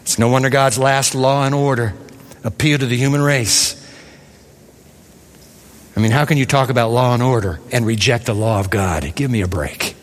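Emphatic preaching man in a reverberant church. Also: mid-range voice. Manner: emphatic, preaching with rising and falling intensity. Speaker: pastor. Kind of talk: sermon. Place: large church sanctuary. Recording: long hall reverb.

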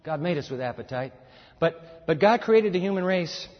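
A man preaching a sermon in an animated way, acting out voices and urging his listeners to join in. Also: fairly high pitch, normal speed. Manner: animated, acts out voices, urges the audience. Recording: echoey hall, dull lo-fi sound.

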